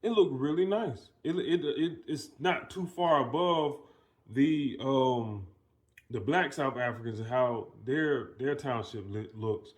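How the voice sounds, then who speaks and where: A man's voice: medium pitch, takes it slowly. A man hosting casual commentary and telling a story in a loose, profane way, with many restarts. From United States. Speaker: commentary host.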